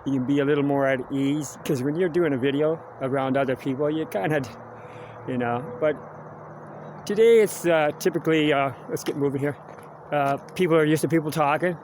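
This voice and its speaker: A man's voice: a little high, a little fast, a little mellow, a little hiss or hum. A man from Ontario with a Canadian accent, talking in a loose, wandering way while he walks outdoors and films himself for a live vlog. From Kingston, Ontario, Canada. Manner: chatty, wandering, tags "eh" onto sentences. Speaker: vlogger. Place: outdoors, walking near a quarry and cemetery.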